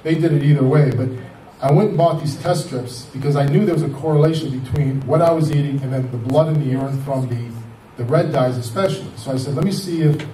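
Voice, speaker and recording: A man in his fifties with a fairly high voice recounts his own cancer story, rambling and animated as he acts out the conversations he had. He's heard from far off in an echoey room, with slight hiss or hum.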